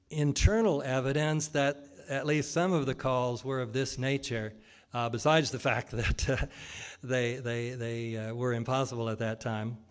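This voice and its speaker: A man giving a public lecture in an argumentative way, posing rhetorical questions and pausing with frequent ums and uhs. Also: mid-range voice.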